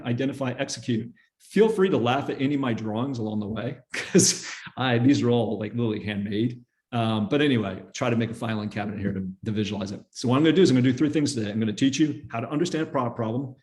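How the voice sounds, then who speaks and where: A middle-aged man speaks quickly in a relaxed lecture voice, spinning anecdotes with plenty of fillers. His pitch sits in an ordinary male middle range as he moves through his slides. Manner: fast, chatty storytelling with fillers and laughs. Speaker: guest speaker teaching interview skills.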